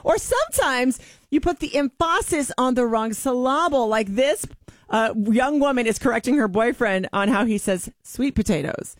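A woman's voice: fairly high pitch, expressive, moderate pace, no room sound, clean studio sound. A woman hosting a radio show, chatting casually and telling stories with animation. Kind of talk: casual chat.

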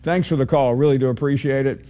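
A man hosting a call-in sports radio show, speaking in a relaxed way with many pauses. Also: mid-range voice. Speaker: radio sports talk host.

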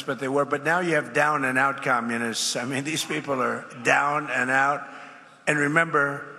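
Man, bright voice, repetitive emphatic speech, podium mic in a big reverberant hall. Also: on the high side. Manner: repetitive, emphatic, rambling asides. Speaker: speaker at a public event. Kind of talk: off-the-cuff rally speech. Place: large event space. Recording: reverberant hall with faint ambience.

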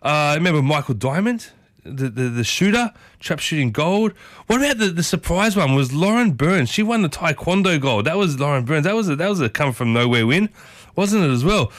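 A man's voice: on the high side, big pitch swings, moderate pace, dry recording. An Australian man hosting a casual morning radio show, chatty and enthusiastic, often repeating his catchphrases, speaking from a radio studio. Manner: chatty and enthusiastic, repeats "I tell you what". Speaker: radio host.

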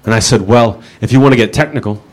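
A man doing stand-up one-liners with dry, deadpan punchlines. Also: medium pitch, fast talker. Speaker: stand-up comedian.

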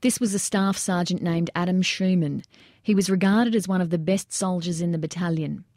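A woman reading nonfiction narration aloud in steady storytelling style. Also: lowish voice, normal speed, no echo, clean studio sound. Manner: steady storytelling that acts out shouted quotes.

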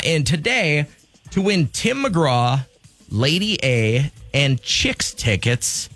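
A man hosting morning radio, running a call-in contest with jokey, fast-moving banter. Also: medium pitch, dry recording. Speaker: radio show host.

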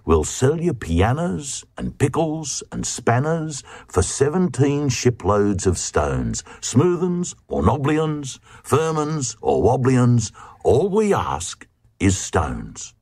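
A man voicing crafty, smooth-talking traders in a storybook reading, wheedling and coaxing. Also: medium pitch, sing-song, takes it slowly, hardly any pauses, a little mellow, dry recording, voice pushed up. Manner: wheedling, seductive.

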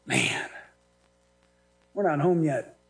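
A male pastor preaching a sermon in a lively, humorous way, acting out the dialogue he tells. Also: on the high side, very slow, faint music behind.

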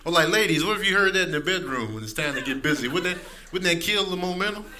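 A man's voice: high-pitched, expressive, fast, pushed and bright. A man in his thirties doing a stand-up comedy set, acting out characters in raised voices.

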